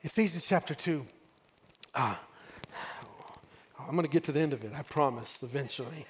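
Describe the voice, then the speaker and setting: A man's voice: a little high, moderate pace, a little hiss or hum. A middle-aged man from West Texas preaching a sermon, building call-and-response refrains and telling a family story. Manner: call-and-response, rising to shouts.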